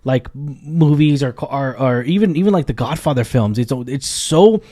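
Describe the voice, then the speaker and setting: A man's voice: medium pitch, moderate pace, warm tone. A man hosting a casual movie review chat, rambling and enthusiastic, with many fillers and restarts.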